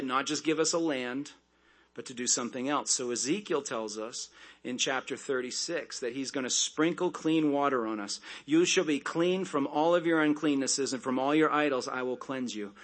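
A man preaching a sermon, reading scripture aloud and breaking off into conversational asides and quick jokes. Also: medium pitch, a bit bright. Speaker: pastor.

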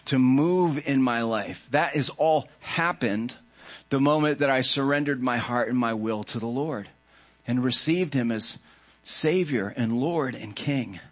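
Man, pastor, sermon, earnest, reflective, measured phrasing, medium pitch.

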